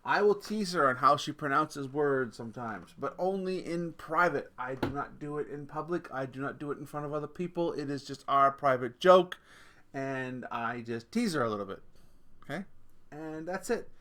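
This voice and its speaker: A Canadian podcast host in his forties tells stories in a casual, chatty rant, laughing often and swearing casually. His slightly high voice is expressive, pushed and bright, at normal speed.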